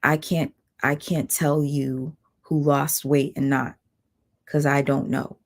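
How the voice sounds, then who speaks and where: Low gravelly-voiced woman ranting on a livestream. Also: flat delivery, slow pace. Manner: blunt, heated, swearing, reads viewer comments aloud. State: strained voice. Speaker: channel host on a livestream. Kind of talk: casual livestream rant.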